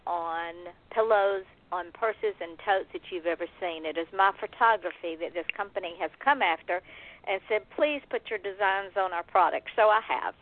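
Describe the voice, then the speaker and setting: A woman hosting an internet radio show, folksy and enthusiastic, saying y'all. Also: mid-range voice. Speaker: podcast host. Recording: tinny phone line.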